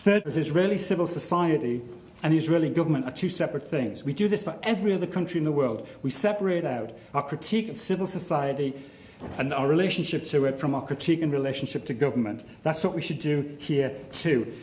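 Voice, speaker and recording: A middle-aged man giving a formal, measured and emphatic debate speech full of rhetorical questions, heard in a large lecture hall. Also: fairly high pitch, a little mellow. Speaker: debate speaker. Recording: echoey hall recording.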